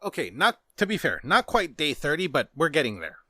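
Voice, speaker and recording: A man's voice: fairly high pitch, very animated, fairly quick, pushed and bright, no room sound, studio quality. A man co-hosting a podcast in casual political chat, wry and teasing, with an exasperated edge. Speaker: podcast co-host.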